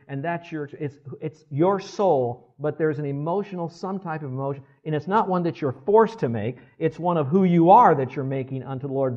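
A man in his sixties, a pastor preaching a sermon and often asking the congregation to respond. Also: on the high side. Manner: conversational, asks the congregation for responses. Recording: dull lo-fi sermon recording.

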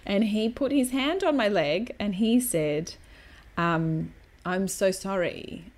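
A woman's voice: mid-range voice, takes it slowly. A woman in her thirties chatting on a podcast, telling a story with acted-out quotes and casual swearing. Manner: storytelling, animated, acts out quotes; swears casually, self-mocking humor. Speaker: podcast co-host. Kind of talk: casual chat.

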